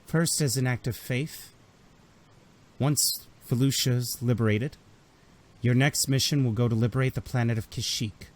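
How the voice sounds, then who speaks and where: A man voicing a calm, commanding older male Imperial officer in a tabletop game, quiet and measured. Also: mid-range voice, close to an everyday voice.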